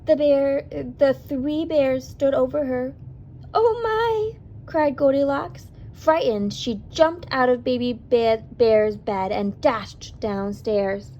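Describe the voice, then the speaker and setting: A woman reading a picture book aloud to children in an expressive way, pausing to ask the listener questions. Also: high voice, lo-fi sound, slight background noise.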